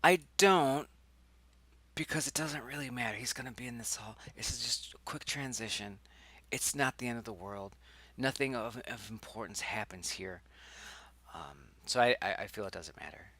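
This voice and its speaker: A young man talks his way through his own screenplay, rambling and restarting as he explains his choices. His voice sits low and carries a gravelly fry, and now and then he drops into a hushed whisper. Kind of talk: casual think-aloud script reading.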